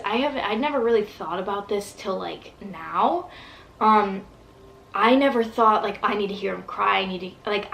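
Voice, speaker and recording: A woman's voice: medium pitch, vocal fry, rough recording. A young woman vlogger telling a long personal story in casual, rambling talk full of fillers and swearing.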